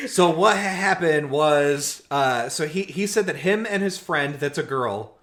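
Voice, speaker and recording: Podcast co-host, man, higher voice with lively swings, casual animated storyteller who swears a lot. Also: slow pace. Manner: animated, acts out quoted people, swears often. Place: room, recorded in person.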